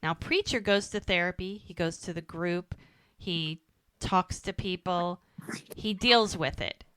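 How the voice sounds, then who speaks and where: A woman's voice: fairly low pitch, measured pace, clear, resonant tone, no echo, studio quality. A woman co-hosting a podcast, animatedly retelling a TV episode scene by scene in casual chat. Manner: animated retelling, quotes characters' lines. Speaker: podcast co-host recapping an episode.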